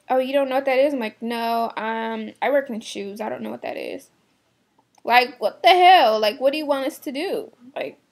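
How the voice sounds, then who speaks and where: Fed-up gravelly-voiced young woman ranting. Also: fairly high pitch. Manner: exasperated, blunt, swears casually, fillers like "like". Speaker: shoe department retail worker. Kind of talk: venting to camera.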